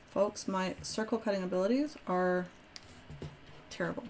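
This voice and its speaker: A woman's voice: medium pitch, fairly even intonation, moderate pace, vocal fry, a bit bright, a little hiss or hum. Chatty woman crafting host. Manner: chatty, self-deprecating, thinking aloud while cutting. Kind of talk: casual live crafting chat.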